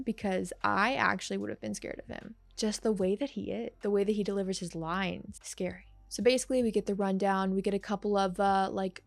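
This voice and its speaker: A woman casually reviewing a TV episode in a chatty, sarcastic way, with animated asides. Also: mid-range voice. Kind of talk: casual video commentary.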